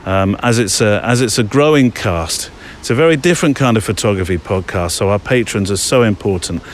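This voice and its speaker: A man with a lowish voice talks fairly quickly over slight background noise. He's a podcast host walking through woodland, chatty and rambling, dropping in lots of fillers.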